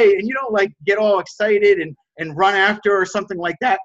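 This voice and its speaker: A fairly high-pitched man coaching a group over a call, his audio a little dull and lo-fi. He restarts his sentences and keeps asking "right?" and "does that make sense?". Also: fast talker, few pauses, a bit bright. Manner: restarts and repeats words, keeps checking in with "right?". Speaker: sales coach.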